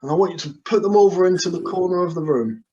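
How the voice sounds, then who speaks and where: A man's voice: high-pitched, quick pace, warm tone. Hypnotist man, soothing, on a dull call. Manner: soothing, repetitive trance suggestions. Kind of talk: guided hypnosis session. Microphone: video call. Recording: dull, lo-fi video call audio.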